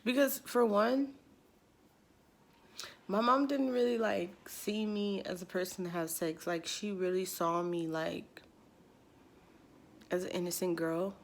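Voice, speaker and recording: A young woman vlogger casually telling a personal story, slangy and animated, acting out what people said with lots of "like.". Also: mid-range voice, measured pace, long pauses. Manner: slangy, animated quoting, many "like"s.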